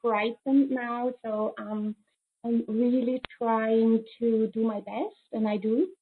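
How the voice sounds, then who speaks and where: A woman in her fifties from Switzerland, calling in tearfully, speaking haltingly with many fillers and apologies. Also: a little high, little pitch movement, breathy edge. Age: 50s. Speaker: caller. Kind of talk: call-in sharing. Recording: phone-line call audio.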